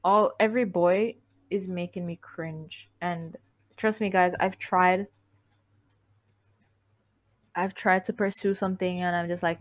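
A woman's voice: fairly low pitch, steady tone, unhurried, pauses often. Rambling, giggly young woman confiding. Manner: rambling, self-interrupting, giggly; heartfelt and candid. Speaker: podcast host. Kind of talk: casual confessional monologue.

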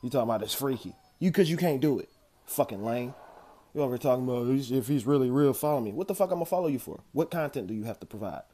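Dark-voiced guy ranting fast and mad, swearing nonstop. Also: mid-range voice, animated. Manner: angry, profane, confrontational. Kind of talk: livestream rant.

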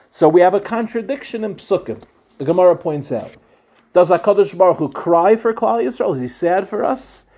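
Rabbi, male, high-pitched. Lecture delivery: translates and explains line by line, drawing out the Aramaic quotes. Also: a little mellow, muffled recording. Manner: asks questions and answers them himself. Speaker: rabbi teaching a Talmud class. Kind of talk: Talmud lecture.

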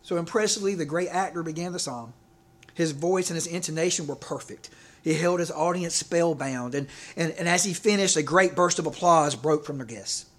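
A man preaching a sermon in a loose, conversational way, his voice sitting a little higher than most men's. He repeats words as he goes and keeps checking in with the congregation for an amen. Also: moderate pace. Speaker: pastor.

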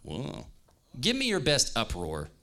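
A man's voice: medium pitch, huge pitch swings, takes it slowly, creaky, very noisy. A man preaching as pastor, reading scripture aloud and joking playfully with his audience. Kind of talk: lively youth-service sermon with scripture reading.

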